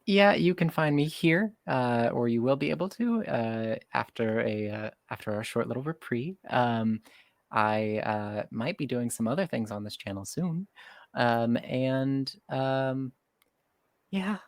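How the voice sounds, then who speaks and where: A player introducing themselves in a hesitant, halting way. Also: mid-range voice, animated, no room sound. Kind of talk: casual chat.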